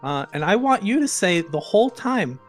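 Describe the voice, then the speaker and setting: A woman's voice: mid-range voice, very animated, normal speed, soft background music. A woman playing in a tabletop role-playing game, speaking in a mocking, teasing way. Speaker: player.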